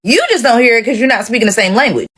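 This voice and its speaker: Lady telling a story, high bright voice, acts out the quotes. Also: fast, breathy edge. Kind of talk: casual storytelling.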